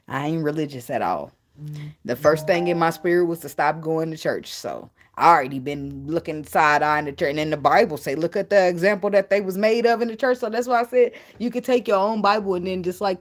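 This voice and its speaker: Lady tarot reader ranting on her vlog, low-ish voice, blunt, cusses a lot, keeps laughing. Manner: blunt, profane, emphatic, laughs often. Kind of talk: casual spiritual vlog rant.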